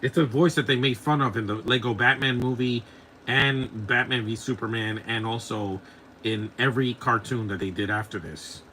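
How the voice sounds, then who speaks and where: A man's voice: medium pitch, steady tone, moderate pace, bright, forceful tone, a little hiss or hum. Blunt, opinionated man in his forties. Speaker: podcast host. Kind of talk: live movie commentary.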